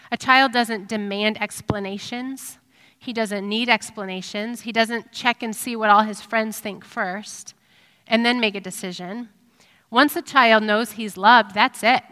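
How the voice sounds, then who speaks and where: Middle-aged woman preaching, earnest and thoughtful, kinda high voice, echoey hall sound. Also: sharp tone. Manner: earnest, reflective, with frequent ums. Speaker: speaker giving a devotional talk. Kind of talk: devotional sermon. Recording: long reverb of a hall.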